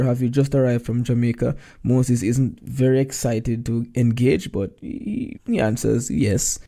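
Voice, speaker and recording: Male teacher, gravelly and mellow, chatty walkthrough of past-paper answers. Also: medium pitch. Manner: conversational, reads quoted lines aloud, asks rhetorical questions. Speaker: exam prep teacher.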